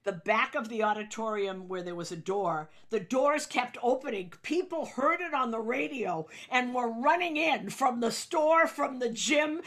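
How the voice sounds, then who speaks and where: A woman, a sports broadcaster telling an anecdote in an interview, acting out quotes with sudden loud high bursts.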